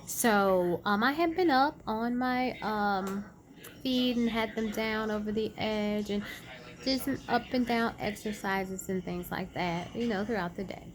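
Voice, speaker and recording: A woman vlogger casually retelling a personal story, chatty and animated, acting out quoted dialogue. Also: medium pitch, unhurried, a crowd in the background. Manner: many fillers and restarts.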